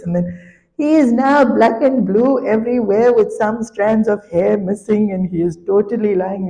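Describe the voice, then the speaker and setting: A woman spiritual teacher giving a sermon, telling a story with animated, laughing delivery. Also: medium pitch, long reverb tail.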